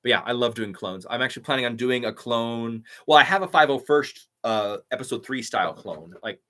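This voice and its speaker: A young YouTube impressionist chats casually on a live stream in an expressive, brisk mid-range voice that sounds pushed and bright. Upbeat throughout, he reads viewer comments and offers thanks.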